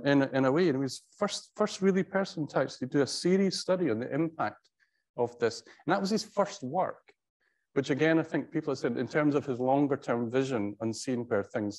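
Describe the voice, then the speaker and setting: A middle-aged man, a professor, giving an anecdotal tribute speech in a conversational, halting way, with wry storytelling and frequent restarts. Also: mid-range voice, a little mellow.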